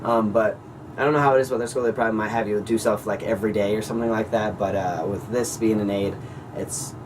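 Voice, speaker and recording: A teenage male high school senior telling a rambling, excitable story in a casual vlog, full of "like" and "you guys.". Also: quick pace, distant mic, background noise. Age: teens. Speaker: vlogger.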